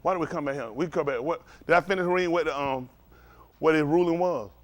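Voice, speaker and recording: A man's voice: on the high side, quick pace. A man teaching a religious study group in a fiery preaching style, profane and provocative, firing rhetorical questions at the room.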